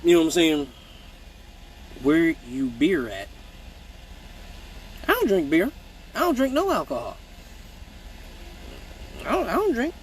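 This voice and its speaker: A man's voice: on the high side, measured pace, pauses often, slight background noise, rough recording. A man hosting a casual live-stream Q&A as an exotic dancer, talking bluntly and swearing freely while telling stories and answering viewer comments. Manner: blunt, profane, animated storytelling; reads viewer comments aloud.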